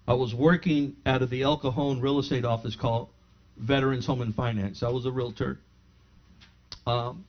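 Middle-aged male pastor, lively storyteller who plays out both voices of a dialogue, recorded at home with slightly dull, lo-fi sound. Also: mid-range voice. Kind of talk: sermon with personal testimony. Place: his own home living room.

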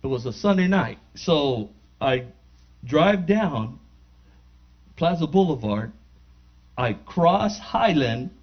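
A man giving a spoken testimony in church, animated and acting out the dialogue as he tells it. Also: fairly high pitch. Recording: dull lo-fi recording.

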